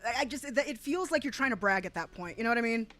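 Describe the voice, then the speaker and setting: Woman streamer, fairly high voice, lively swooping delivery, profane ranting, laughs a lot. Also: fast, soft background music. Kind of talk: casual reaction commentary. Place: home, rural area.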